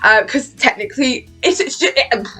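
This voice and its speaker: A woman's voice: high-pitched, animated, moderate pace, bright, forceful tone, breathy edge, soft background music. Chatty British woman vlogging. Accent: British English. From Britain. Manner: chatty, laughs often, swears casually. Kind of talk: casual chat about a TV show.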